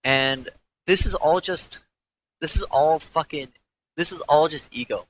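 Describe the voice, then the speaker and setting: A man's voice: a little high, unhurried, a bit bright, poor audio. A young man, a former pro gamer, recounting events in a candid interview, rambling and profane with frequent restarts.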